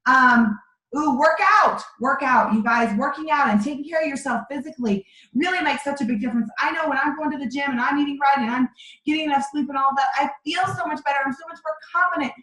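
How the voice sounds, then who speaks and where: High-pitched woman, direct and emphatic, coaching a sales team over a video call in an echoey room. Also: quick pace, sharp tone. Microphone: video call microphone.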